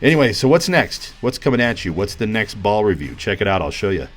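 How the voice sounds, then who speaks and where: Guy with a lowish voice chatting about his bowling gear, easygoing, lots of ums, faint music behind. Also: fairly quick. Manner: relaxed, conversational, many fillers. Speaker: bowling ball reviewer. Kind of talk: casual review vlog.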